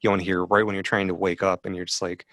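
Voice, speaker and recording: Low-voiced man telling a rambling story. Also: level tone, fast, a bit bright, no room sound. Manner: rambling storyteller, many fillers. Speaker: guest. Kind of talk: casual podcast chat.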